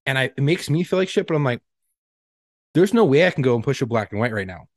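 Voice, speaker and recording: A man's voice: medium pitch, very animated, fast talker, no echo, studio quality. A man in his thirties, co-hosting a casual podcast, telling blunt, profane stories about his pain and his doctors. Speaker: podcast co-host. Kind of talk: casual chat.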